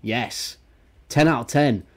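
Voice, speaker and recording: A man's voice: mid-range voice, slow pace. A young British man hosting a reaction video, ranting with sarcastic, sweary commentary at his desk mic. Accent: British English. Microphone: desk mic, no face cam.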